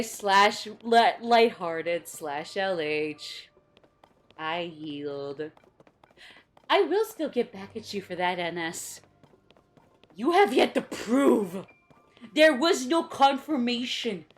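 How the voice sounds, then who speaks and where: A young woman streaming a video game, chatting playfully with her viewers and laughing often. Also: medium pitch. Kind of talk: casual gameplay commentary.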